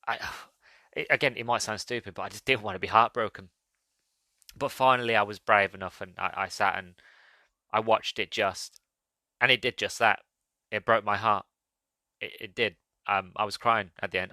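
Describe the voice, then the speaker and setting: Guy on his podcast, bright punchy voice, lots of ums, dry close mic. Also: fairly low pitch, dry recording. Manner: hesitant, earnest, many fillers and restarts. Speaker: podcast host, film reviewer. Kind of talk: casual solo podcast talk.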